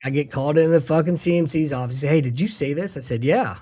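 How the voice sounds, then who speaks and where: A man's voice: a little high, fast talker, a little mellow. A middle-aged man telling a profane war story in casual chat, acting out the quotes.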